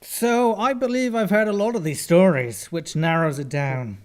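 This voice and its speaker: A man co-hosting a casual comedy podcast, rambling and hesitant as he overthinks his guesses out loud. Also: high voice, moderate pace. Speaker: podcast co-host, guessing player. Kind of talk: casual banter.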